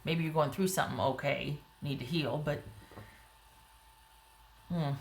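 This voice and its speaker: Low-voiced woman reading tarot, roomy. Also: unhurried, creaky, a little hiss or hum. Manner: chatty, rambling, frequent "you know" and "like". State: voice getting hoarse. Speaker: tarot reader.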